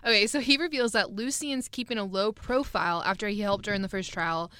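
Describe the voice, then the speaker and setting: A woman's voice: mid-range voice, a little fast, pushed and bright, smooth. A woman co-hosting a podcast, laughing often as she recaps the plot in casual chat. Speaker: podcast co-host. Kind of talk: casual book discussion.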